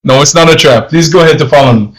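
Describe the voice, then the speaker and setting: A man with a slightly high, somewhat bright voice teaches a live-streamed language lesson at a quick pace, patiently explaining and repeating phrases in Spanish and English. The audio quality is poor.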